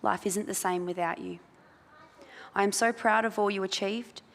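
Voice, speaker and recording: An Australian woman, a funeral celebrant, reading a eulogy aloud in a soft, measured way in a crematorium chapel. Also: mid-range voice, fairly even intonation. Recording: reverberant chapel.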